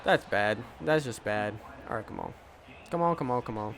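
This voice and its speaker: A man's voice: on the low side, animated, normal speed, creaky, fairly bright tone, slight background noise. A man streaming a football video game, giving casual play-by-play commentary full of trash talk and swearing. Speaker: gaming streamer.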